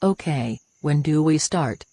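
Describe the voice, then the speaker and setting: A volatile young woman fighter, voiced by the narrator, her speech low and growling with intensity. Her delivery is clipped and tense. The sound stays close and dry. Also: lively intonation, takes it slowly, warm tone, no echo.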